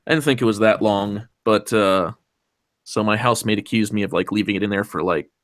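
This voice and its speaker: A man's voice: on the low side, brisk. Rambling young man chatting with his stream. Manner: rambling, swears often, hums fillers. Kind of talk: casual chat with stream chat and co-host.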